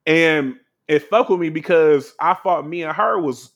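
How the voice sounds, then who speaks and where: A young man talking loosely and candidly, sprinkling his speech with fillers and curses. His voice sits a little high for a man. The delivery is relaxed, unscripted podcast chat. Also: unhurried, muffled recording. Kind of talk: casual chat.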